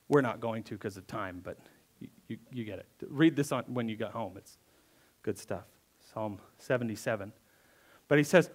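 A pastor preaching a conversational sermon, reading verses aloud and then acting them out with emphatic repetition. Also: male voice, fairly low pitch, normal speed. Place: church.

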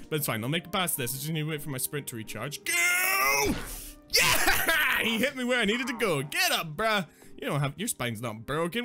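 A young man playing through a game on camera, his voice high and bright with very wide swings in pitch. He reacts loudly, swears freely and keeps up silly running commentary. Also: moderate pace, faint music behind. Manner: excitable, swearing, laughing, silly asides. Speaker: gaming YouTuber. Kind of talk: Let's Play commentary.

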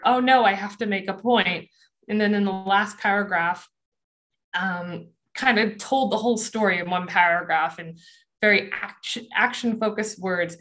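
A woman's voice: mid-range voice, a bit bright. A young adult woman presenting a college essay workshop in a conversational, emphatic way, with many fillers and asides.

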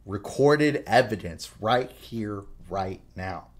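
A man co-hosting a podcast, telling a story in animated, profane casual chat. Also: on the low side, slow. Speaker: podcast co-host.

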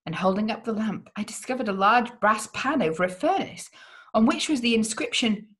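A woman's voice: a little high, expressive, moderate pace. A woman hosting a read-along, reading a gothic novel aloud with drama and the odd slip. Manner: dramatic reading with occasional slips.

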